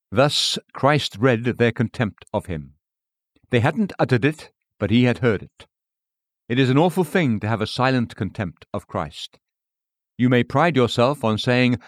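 Male preacher, solemn rhythmic sermon delivery, mid pitch, dry close sound. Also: no room sound.

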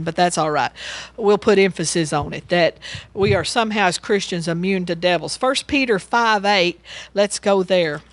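A woman's voice: medium pitch, no echo. Chatty woman teaching the Bible, dry sound. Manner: chatty, rambling, laughs while telling stories.

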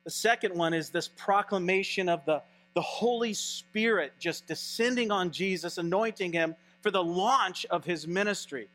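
A male pastor preaching a sermon in an animated, conversational way. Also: sits high, moderate pace, hardly any pauses, faint music behind.

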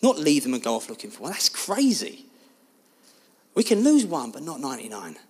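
A man preaching a sermon, telling a personal story in an animated, expressive way. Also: a little high, fairly quick, husky.

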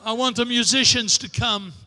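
An older man preaching a sermon as pastor, in a preacher's cadence that builds to shouted declarations. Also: extremely high pitch, moderate pace, big-room sound. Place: church sanctuary.

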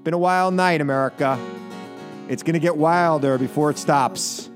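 A man hosting a call-in radio show from a studio, animated and laughing, often repeating himself. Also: fairly high pitch, moderate pace, soft background music. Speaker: radio talk show host.

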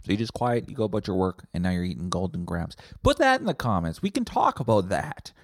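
A man's voice: low-pitched, very animated, fast, slight background noise. A man hosting a comedy podcast, rambling from tangent to tangent with plenty of swearing. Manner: rambling, profane, tangent-hopping. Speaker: podcast host.

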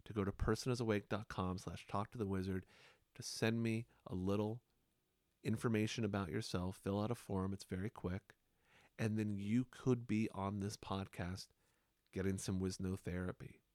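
A man hosting a podcast, speaking in a slow, reflective monologue with unhurried, hypnotic pauses. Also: on the low side, steady tone, darkish tone, no room sound, clean studio sound.

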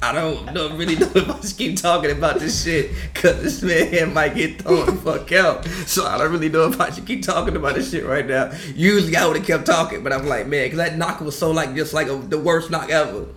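A man's voice: fairly high pitch, brisk, hardly any pauses, a bit bright. A man co-hosting a casual basketball podcast, loose and profane, laughing often. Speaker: podcast co-host.

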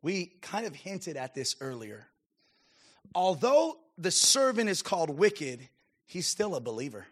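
A man's voice: a little high, sing-song, a little slow, fairly bright tone. A man preaching a sermon as a pastor, emphatic and calling out to his congregation. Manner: emphatic preaching with audience call-outs.

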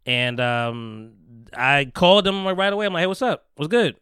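A man hosting a podcast, telling a story in casual chat, animated, swearing a lot and laughing often. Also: a little high, moderate pace, clean tone, dry recording, clean studio sound. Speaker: podcast host.

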